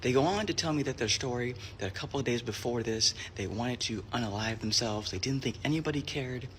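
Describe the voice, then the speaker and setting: A man's voice: mid-range voice, a little fast, slight background noise. A man working as a librarian, telling heartfelt stories in an earnest monologue that sometimes drops to a whisper. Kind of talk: storytelling monologue.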